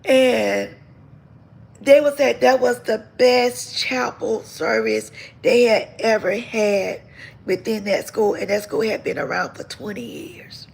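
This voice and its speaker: Gravelly-voiced woman telling her story. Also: mid-range voice, takes it slowly. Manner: animated storytelling, repeats phrases, grows tearful. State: tearful near the end. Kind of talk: emotional testimony to viewers.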